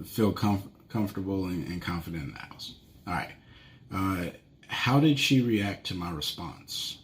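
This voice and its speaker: A man's voice: fairly low pitch, fairly bright tone. A man in his thirties hosting a solo podcast with advice for husbands, talking in a rambling, conversational way with many fillers. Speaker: podcast host, marriage coach for husbands.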